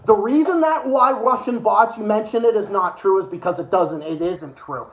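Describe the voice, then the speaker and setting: A man's voice: high-pitched, moderate pace, echoey room, muffled recording. A man hosting a livestream and ranting over clips in a profane, sarcastic, exasperated way. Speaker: livestream host.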